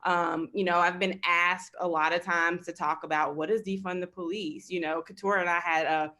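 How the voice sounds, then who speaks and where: A woman from Kentucky with a fairly low voice speaks as a panelist in a discussion. She is earnest and direct, and she drops in dry sarcastic asides. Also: little pitch movement, normal speed, pushed and bright.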